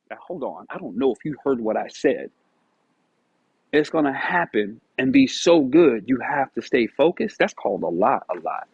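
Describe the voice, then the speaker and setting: A man giving a casual motivational monologue, animated and storytelling, acting out his own past dialogue. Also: medium pitch, moderate pace, noisy background. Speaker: motivational vlogger.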